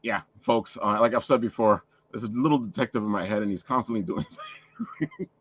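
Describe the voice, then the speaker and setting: A man's voice: lowish voice, fairly quick, muffled recording, slight background noise. Rambling, laughing male podcast host. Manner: rambling, with frequent restarts and laughter. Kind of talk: casual chat.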